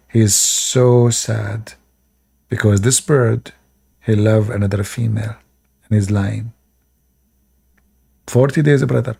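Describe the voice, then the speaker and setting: A man with a gravelly, warm, slightly rough mid-range voice reads stories aloud on a live stream, adding sarcastic commentary in non-native English and often breaking into laughter. He is a streamer commenting on religious texts.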